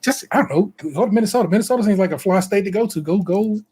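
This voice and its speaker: A man's voice: sits high, very fast, darkish tone, husky. A man from Ohio co-hosting a podcast, chatting casually in slang with many restarts and a playful tone. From Ohio, USA. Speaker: podcast co-host. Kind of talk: casual chat.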